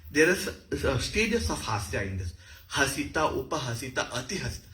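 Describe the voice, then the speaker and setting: A man with an Indian accent explains dance in an animated, lively way, at an average pitch. His voice rings in a roomy lecture hall with a faint hiss behind it. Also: normal speed. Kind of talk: lecture with demonstrations. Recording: echoey hall.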